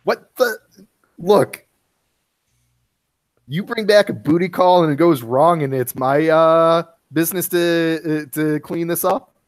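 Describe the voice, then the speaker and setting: A man narrating a tabletop game as game master, halting with many fillers. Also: a little high.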